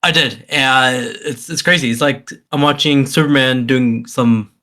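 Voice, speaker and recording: A keen man talks at a middle pitch in loose, casual podcast chat. He gets excited easily and trips over his words, restarting sentences as he goes. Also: measured pace. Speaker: podcast co-host.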